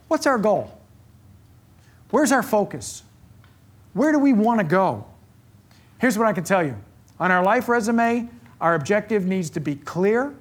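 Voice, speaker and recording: Earnest male preacher, fairly high voice, repeats lines for emphasis. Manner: earnest, gets emotional about faith. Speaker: speaker giving a faith talk. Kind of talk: sermon.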